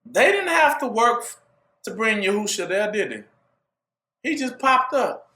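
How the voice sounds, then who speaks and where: A man's voice: high voice, big pitch swings, a little slow, sharp tone, echoey room. A man preaching a sermon, driving it with call-and-response and rhetorical questions to his listeners.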